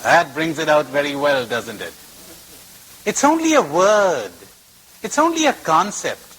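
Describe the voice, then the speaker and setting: A man's voice: fairly high pitch, very animated, a little slow, fairly bright tone, a little hiss or hum, rough recording. A man giving a spiritual talk to a retreat audience, telling stories and repeating phrases for emphasis, recorded on old tape. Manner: storytelling with varied emphasis and repetition. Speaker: spiritual teacher.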